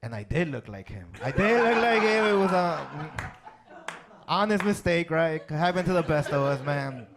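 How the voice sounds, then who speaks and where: On a club stage, a male stand-up comedian from Chicago tells stories, tagging his lines with "right?" and "man." His voice is slightly high with lively intonation and a moderate pace, and the recording is very noisy.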